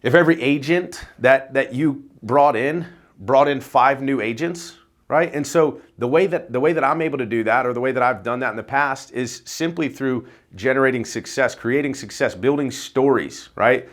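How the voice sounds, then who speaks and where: A man's voice: mid-range voice, moderate pace. Guy running an insurance agency, casual vlog talk, rambly, keeps saying right?. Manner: loose, rambling, tags "right?" often; casual, swears offhand. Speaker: insurance agency owner coaching agents.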